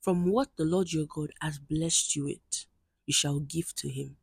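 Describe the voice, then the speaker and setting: Woman devotional reader, low husky voice, close dry mic, earnest scripture reading. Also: fairly even intonation, measured pace, no echo. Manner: earnest, conversational asides between readings.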